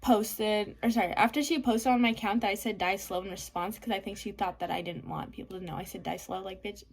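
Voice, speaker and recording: A woman's voice: medium pitch, fairly even intonation, brisk. A young woman vlogging a casual storytime rant, sassy and blunt, swearing freely with lots of "like".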